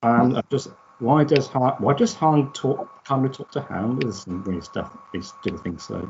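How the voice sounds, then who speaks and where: A man co-hosting a podcast in casual chat, rambling with halting restarts. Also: mid-range voice, a little mellow, a little hiss or hum. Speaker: podcast co-host. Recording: dull lo-fi sound.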